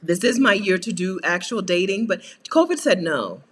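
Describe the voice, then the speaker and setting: Speaking at a moderate pace with lively intonation, this coach and channel host runs a laid-back livestream where she chats with her audience and responds to comments. She's playful and laughs a lot, sometimes veering into shrill, exasperated side remarks.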